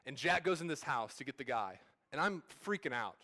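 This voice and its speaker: Casual pastor preaching a sermon. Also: male voice, medium pitch, lively intonation, a little fast, sharp tone. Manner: casual storytelling with fillers and restarts. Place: church service.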